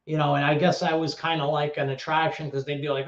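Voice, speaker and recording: Animated New man, echoey room. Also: fairly high pitch, fast. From the Bronx, New York. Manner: animated storyteller acting out voices, swears freely. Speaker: guest, former actor and DJ. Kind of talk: casual storytelling interview. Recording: echoey room, dull lo-fi sound.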